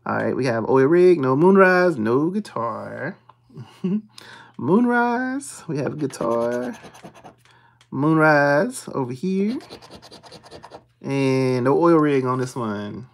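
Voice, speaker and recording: Slow-talking scratch-off streamer. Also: medium pitch, creaky. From Texas. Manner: reads symbols aloud in a steady list, dropping to hushed mutters when checking. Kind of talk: casual play-by-play of scratching tickets.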